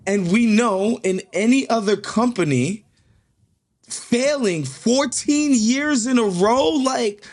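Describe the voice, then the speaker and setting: A man appearing as a podcast guest, talking in an animated, slangy way with a lot of "like" and "bro". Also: very high voice, takes it slowly. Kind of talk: casual podcast conversation.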